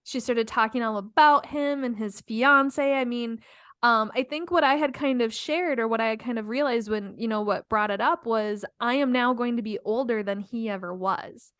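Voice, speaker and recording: A woman's voice: fairly high pitch, normal speed, a bit bright, clear, resonant tone, no echo, clean studio sound. A middle-aged woman co-hosting a podcast in casual chat, talkative and laughing often. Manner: chatty, laughs often, many fillers. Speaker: podcast co-host.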